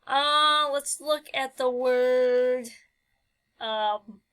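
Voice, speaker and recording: A woman's voice: high voice, extremely slow, fairly bright tone, dry recording. A woman teaching a phonics lesson, talking patiently and thinking aloud with many fillers.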